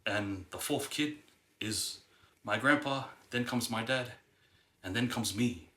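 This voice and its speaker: Rambling young man, bright echoey voice. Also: mid-range voice, takes it slowly. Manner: rambling, hesitant, full of fillers and restarts. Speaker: vlogger. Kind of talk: casual storytelling to camera. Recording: echoey room.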